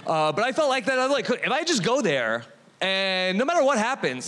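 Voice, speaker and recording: A man's voice: high voice, sing-song, fairly quick. A man hosting a live podcast show on stage, hyping the crowd and then chatting with his guest. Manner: hypes crowd with shouted intros. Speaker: podcast host. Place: live stage before an audience. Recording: live venue with crowd and music.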